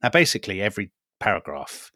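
Man, middle-aged, podcast co-host, low voice, dry close sound, measured and wry. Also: big pitch swings, sharp tone, dry recording. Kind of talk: casual chat.

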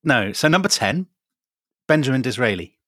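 A middle-aged man co-hosting a podcast, chatting in a measured, wry way and thinking aloud with pauses. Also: mid-range voice, big pitch swings, sharp tone, no echo, studio quality. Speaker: podcast co-host. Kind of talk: casual chat.

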